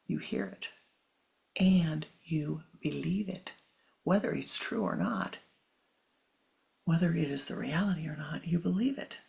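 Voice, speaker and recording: A spiritual teacher giving a slow, meditative talk, often repeating phrases and dropping into soft, whispery stretches. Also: medium pitch, expressive, gravelly.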